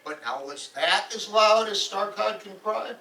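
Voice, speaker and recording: A stubborn Icelander who claims not to know fear, as a man plays him. His blunt questions come from a distance in a fairly high voice. The hall rings around him. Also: lively intonation, measured pace, gravelly, sharp tone, full character voice. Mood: bold. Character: bold, stubborn young Icelander warrior. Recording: roomy hall, voice from far off.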